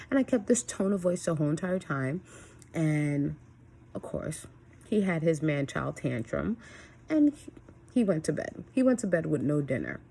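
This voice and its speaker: A woman talking in a casual vlog about being a single parent, blunt and candid, mostly steady but with quick bursts of emphasis. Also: low voice, creaky, breathy edge. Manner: candid, blunt, swears freely.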